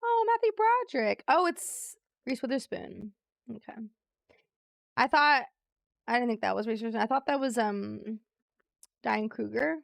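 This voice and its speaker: A woman's voice: fairly high pitch, expressive, normal speed, gravelly, pauses often, dry recording, clean studio sound. A woman streaming a trivia game, chatting casually with her viewers, reading clues aloud and laughing easily. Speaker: live streamer. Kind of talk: casual live-stream chat while playing a trivia game.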